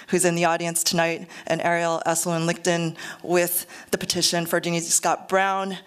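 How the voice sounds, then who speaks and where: A middle-aged woman gives a lecture to a live audience in an earnest, conversational way, with a dry joke here and there. Her voice sits on the low side and comes across smooth and clear. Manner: earnest, conversational, self-deprecating humor. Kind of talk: public lecture.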